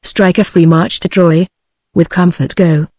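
A text-to-speech British woman voicing a grieving, vengeful young Trojan prince in an even tone. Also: on the low side, measured pace, no room sound, studio quality. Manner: flat synthetic delivery.

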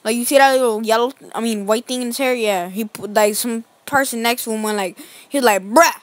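Female vlogger, rambling slangy picture commentary, slightly high voice, dry close sound. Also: steady tone, brisk, no echo. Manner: slangy, rambling, constant "like" fillers. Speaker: video host. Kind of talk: casual commentary over pictures.

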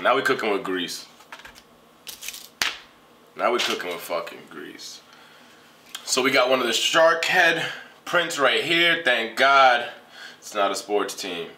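Young male vlogger, bright tense tone, profane and animated, unboxing on camera. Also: fairly low pitch, slight background noise. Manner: animated, profane, swings from griping to hyped. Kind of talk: casual unboxing vlog.

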